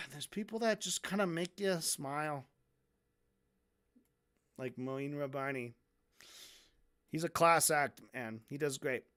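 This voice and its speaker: This streamer's voice sits at an ordinary middle pitch, and the delivery is loose and off the cuff. The host is sarcastic, swears a lot and keeps slipping into mocking impressions of the people being discussed. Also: takes it slowly, pauses often, fairly bright tone. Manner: sarcastic and heavily profane; mocks people by acting out their lines. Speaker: streamer analyzing debates. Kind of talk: casual stream commentary.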